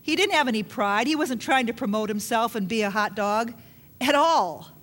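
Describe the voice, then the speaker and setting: A woman preaches in a relaxed, conversational way. She reads scripture aloud and then retells it in plain words, often turning to her listeners with questions. Her voice sits a little high. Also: moderate pace. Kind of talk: sermon with Bible reading.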